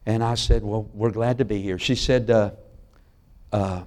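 A man's voice: medium pitch, moderate pace. Folksy preacher man. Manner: folksy storytelling with sudden drops to a hush. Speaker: pastor. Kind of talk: sermon. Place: church sanctuary.

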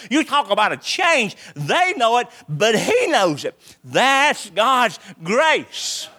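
A man preaching a sermon, swinging between loud calls and hushed lines. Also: very high voice, wildly swooping pitch, slow.

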